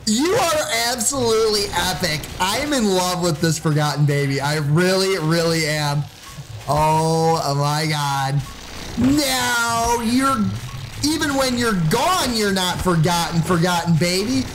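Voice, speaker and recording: Excitable man shouting over gameplay. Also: normal speed, rough recording. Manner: loud, yelling and squealing at the mic; sudden high-pitched shrieks. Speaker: gaming channel host. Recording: music playing behind.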